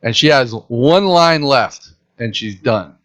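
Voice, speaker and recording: A man's voice: medium pitch, slow pace. A man telling a story in a casual podcast chat, acting out what people said. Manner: animated storyteller acting out quotes. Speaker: podcast host. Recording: dull lo-fi sound.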